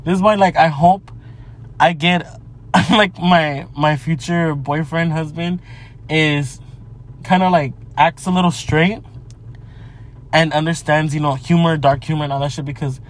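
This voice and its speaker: A man's voice: fairly high pitch, steady tone, unhurried, long pauses. Brash, profane young man in a car. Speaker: vlogger. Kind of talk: casual monologue vlog. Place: in a parked car.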